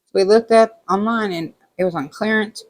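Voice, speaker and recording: A woman's voice: mid-range voice, moderate pace. Chatty woman telling stories while crafting. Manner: rambling storytelling, animated quoting of others. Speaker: diamond painting vlogger. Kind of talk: casual chat while crafting. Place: at home, working on a craft.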